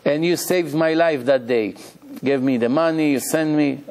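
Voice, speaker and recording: A man's voice: fairly high pitch, moderate pace, a little mellow, natural voice. A man playing an earnest older baker.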